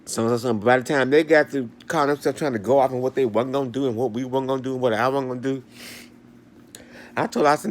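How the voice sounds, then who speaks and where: A man's voice: medium pitch, steady tone, fast talker, slight background noise. A man telling a story at home, laughing a lot and retelling it dramatically. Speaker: vlogger. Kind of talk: animated storytime rant. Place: bedroom at home.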